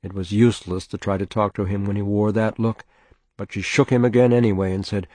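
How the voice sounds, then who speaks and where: A man reads a novel aloud in a steady, measured way. His voice is low. The recording is dry, with no room sound. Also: no room sound. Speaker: narrator. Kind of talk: audiobook reading of a novel.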